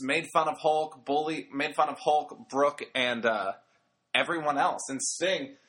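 A man's voice: on the high side, bright, forceful tone. A man hosting an audio recap of a wrestling show, talking in a casual, rambling way with jokey asides. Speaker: wrestling podcast host.

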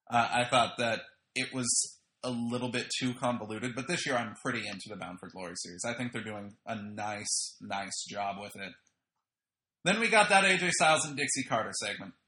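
Chatty man, bright roomy voice. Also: mid-range voice. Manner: chatty, opinionated, with fillers and slang. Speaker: podcast host reviewing wrestling. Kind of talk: casual audio review monologue.

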